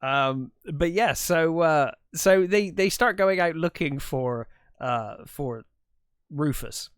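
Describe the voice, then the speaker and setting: A man on a film podcast recaps scenes in a relaxed, rambling way, full of fillers and restarts. His voice sits a little high for a man. It comes through dry, with no room sound. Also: slow, smooth, no room sound. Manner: relaxed, lots of ums and restarts while retelling scenes. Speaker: podcast co-host. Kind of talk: casual film chat.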